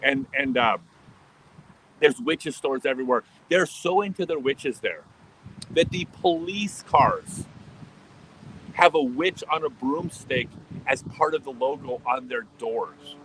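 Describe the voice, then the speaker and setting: An animated man from the United States hosts a casual livestream. He laughs often and rushes through restarts and quick asides. His voice is bright and forward, with a faint hum of noise in the room behind him. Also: medium pitch, poor audio. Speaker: livestream host. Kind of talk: casual storytelling and answering chat. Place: home in Australia, livestream.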